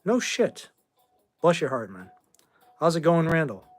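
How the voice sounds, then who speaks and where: Lively intonation marks this slightly high voice, moving at a moderate pace. The speaker, a Boston host in his forties, rambles offhandedly through viewer questions on a casual livestream and states his opinions bluntly.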